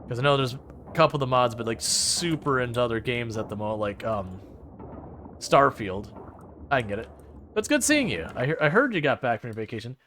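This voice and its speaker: A chatty male streamer rambles through a game at a desk mic, his pitch rising and dropping as he talks to chat. He drifts into sarcastic asides in a casual, unscripted way. A faint hiss sits under the recording. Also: fairly bright tone. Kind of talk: casual live-stream chat while playing.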